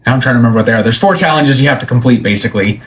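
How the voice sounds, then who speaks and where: A man's voice: medium pitch, rapid-fire. A man being interviewed as a country musician, telling stories casually and acting out the quoted lines. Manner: animated storyteller, acts out quoted lines.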